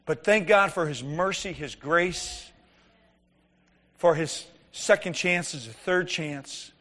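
Male preacher, anecdotal sermon, rhetorical questions, slightly high voice, long hall reverb. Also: slow pace, a bit bright. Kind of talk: conversational sermon.

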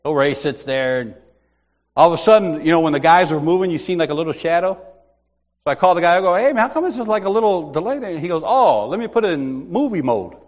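Guy giving a sermon, goofy story, high voice that jumps all over, does the voices. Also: quick pace. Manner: animated storyteller, acts out voices, laughs often. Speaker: preacher. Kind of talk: sermon with comic personal story.

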